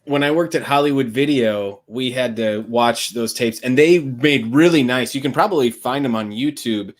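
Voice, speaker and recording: Easygoing man recalling an old job. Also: mid-range voice. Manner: enthusiastic, halting recall with fillers. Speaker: co-host on live vinyl chat. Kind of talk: casual chat on a live stream.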